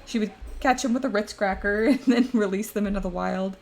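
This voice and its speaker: A woman's voice: mid-range voice, brisk, a little mellow, a little hiss or hum. A young woman streaming live, chatting casually and rambling through stories, often breaking into laughter. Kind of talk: casual chat to a live audience.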